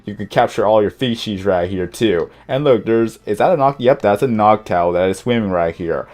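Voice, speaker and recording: A man's voice: fairly low pitch, moderate pace, a little mellow. A man hosting a casual let's-play, chatting to viewers as he explores, often stumbling over his words. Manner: chatty, addresses viewers directly. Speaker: gaming channel host.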